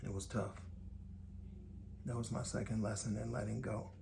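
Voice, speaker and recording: A man from Indiana hosting a podcast, telling a personal story in calm, deliberate, short measured phrases. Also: lowish voice, gravelly, background noise. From Gary, Indiana, USA. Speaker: podcast host. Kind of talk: reflective personal storytelling monologue.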